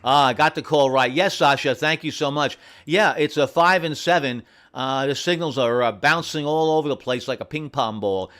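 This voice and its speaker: A man running an amateur radio station from home, friendly and repeating call signs slowly and carefully. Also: a little high, fairly bright tone. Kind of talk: on-air radio contacts, reading call signs.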